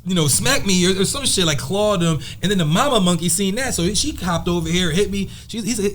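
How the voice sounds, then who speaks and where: A man telling stories in a casual podcast chat, animated and acting out the people he quotes. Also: high voice, brisk, few pauses, a little hiss or hum. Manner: animated storyteller, quotes others in voices. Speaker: podcast co-host.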